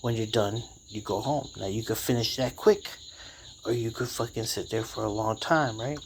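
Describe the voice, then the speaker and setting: A man's voice: lowish voice, steady tone, normal speed, background noise. A man telling a casual story, rambling and profane, full of streetwise slang.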